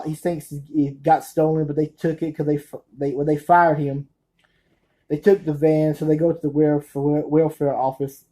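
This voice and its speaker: Nervous rambling man with a mellow voice. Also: on the high side, poor audio. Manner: nervous, rambling, often correcting himself. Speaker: movie collector reviewing his films. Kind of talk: casual spoken review.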